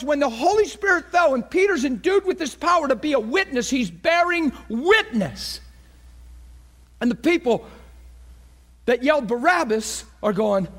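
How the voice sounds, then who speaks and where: A high-pitched man preaching with fervor, rising to loud cries and then dropping to quiet, earnest pleading. He acts out the gasps and voices of the crowd in his story, so the delivery keeps changing in height and force. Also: expressive, normal speed. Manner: swings from shouting fervor to hushed earnest appeals. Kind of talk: impassioned sermon.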